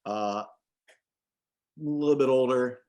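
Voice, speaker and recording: A man's voice: medium pitch, takes it slowly, a little mellow. A man in his forties co-hosting a film podcast in casual chat, joking, swearing and rambling loosely. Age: 40s. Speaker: podcast co-host.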